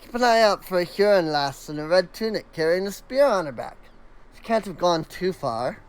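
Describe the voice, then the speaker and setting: A man voicing a gruff male ship captain, in salty sailor talk with a put-on accent. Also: high voice, lively intonation, normal speed, rough recording. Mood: gruff, helpful.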